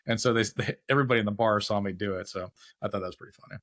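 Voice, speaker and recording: A man's voice: lowish voice, very fast, a bit bright, no room sound, studio quality. A man hosting a casual chat, a laid-back storyteller who acts out the people in his tales. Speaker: podcast host.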